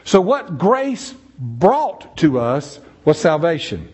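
Lively high-voiced male preacher. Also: slow pace, slightly rough. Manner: animated, acts out quoted voices. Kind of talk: sermon.

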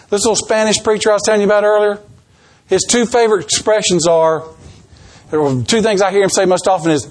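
A man's voice: high-pitched, fairly quick. A man preaching a sermon, telling stories animatedly and acting out the quotes. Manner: animated storytelling, acts out quotes.

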